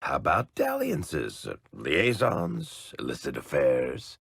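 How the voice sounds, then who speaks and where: A wry middle-aged dwarf storyteller, needling his companions with sarcastic banter. His voice sits extremely low, gravelly and husky, and he takes his time over the lines. Bone-dry game dialogue recording. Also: huge pitch swings, slow, a bit bright, exaggerated voice. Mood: teasing.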